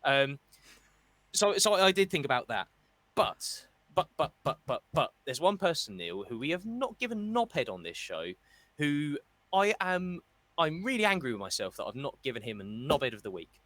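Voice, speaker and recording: Lively ranting man, dry sound. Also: a little high, moderate pace, no echo. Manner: ranting, mocking, with mimicked voices. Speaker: podcast co-host. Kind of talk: casual football chat.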